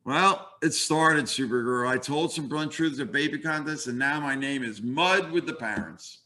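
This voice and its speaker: A man's voice: mid-range voice, normal speed, sharp tone, lightly acted. A man reading aloud as an arrogant, blunt male superhero from an old comic book, stern and proud. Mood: rueful.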